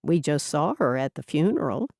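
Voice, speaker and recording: A woman's voice: low voice, very animated, normal speed, vocal fry, a little mellow, dry recording, clean studio sound, heavily acted. A woman voicing a blunt elderly Amish sister. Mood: irritable. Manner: blunt, irritable.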